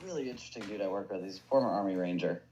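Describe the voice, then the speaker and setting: A man's voice: low-pitched, racing, warm tone. A man chatting casually on a video call, laid-back and swearing, drifting into tangents. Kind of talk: casual chat. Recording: dull lo-fi sound with faint noise.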